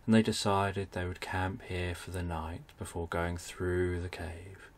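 A man narrating a bedtime story for adults, speaking in a soft, soothing way. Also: deep voice, little pitch movement, unhurried, vocal fry.

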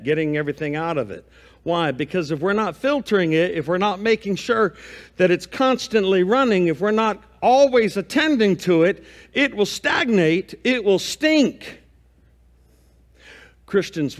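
A man preaching a sermon in a high, bright-toned voice, talking in a folksy, conversational way. He moves between homespun stories and reading scripture aloud. The sound carries a long reverb from a church sanctuary. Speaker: pastor.

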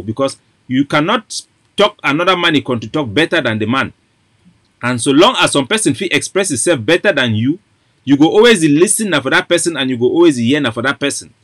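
A man speaks with a Cameroonian Pidgin English accent, pitched in the middle range, moving between English and Pidgin as he builds into fervent, insistent oratory. He addresses his listeners as an activist host, and the recording is dry and close, with no room sound. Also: a bit bright, no room sound. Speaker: activist host of an online platform. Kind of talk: impassioned political address.

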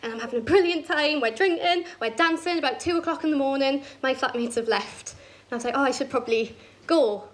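A young woman tells a story on a comedy club stage, brash and sweary, with punchy asides. Her voice sits high. She speaks into a handheld stage mic. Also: a little fast. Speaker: stand-up comedian. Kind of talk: stand-up comedy set.

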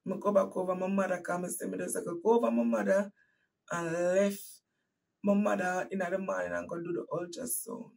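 A host and preacher with a Jamaican accent and a husky, fairly low voice tells her listeners a painful personal story, repeating herself emphatically and swinging from hushed to loud. Her tone is steady at normal speed, but she's recorded from a distance on poor audio.

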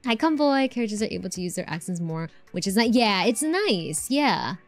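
Woman, game streamer, casual rambling chat, answers chat, mid pitch, soft music behind. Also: sing-song, normal speed. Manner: chatty, rambling, answers chat, lots of fillers. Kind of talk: casual live-stream chat over gameplay.

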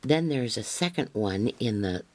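A woman's voice: very deep voice, expressive, a little slow, darkish tone. A woman crafter showing handmade gifts to camera in a casual unboxing chat, gushing and rambling with many fillers.

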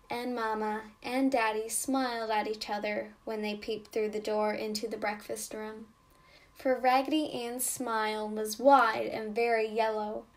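A woman reading a children's story aloud with slow, gentle storybook narration. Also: a little high.

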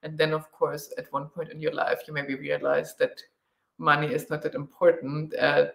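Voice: mid-range voice, monotone, normal speed, creaky, roomy sound. A travel vlogger with a German accent, chatting through a live Q&A, thinking aloud and laughing readily. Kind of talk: live Q&A chat.

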